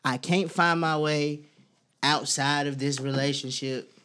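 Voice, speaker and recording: Man, higher register, crude animated banter in a relaxed panel chat. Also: unhurried, smooth. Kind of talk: casual chat.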